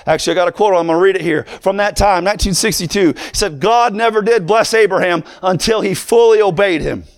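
A young man preaching a sermon, moving from plain talk to fervent, shouted preaching. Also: high voice, fast talker.

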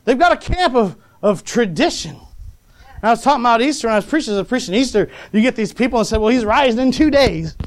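High-voiced preacher calling for amens. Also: male voice, lively intonation, fast talker. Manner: keeps asking the congregation "amen?", chuckling asides. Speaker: pastor. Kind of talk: sermon.

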